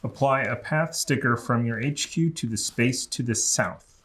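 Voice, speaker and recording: A man reading board game rules and cards aloud in a steady, matter-of-fact way during casual play with friends. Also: mid-range voice, unhurried, slight background noise. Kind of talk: casual tabletop game chat.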